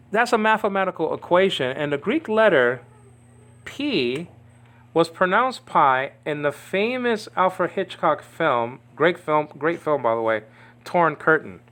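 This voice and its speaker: A man's voice: medium pitch, a bit bright. Home-lesson teacher, male, digressive, keeps asking "okay?". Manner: rambling, digressive, says "okay?" often. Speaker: Greek teacher. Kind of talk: informal home video lesson.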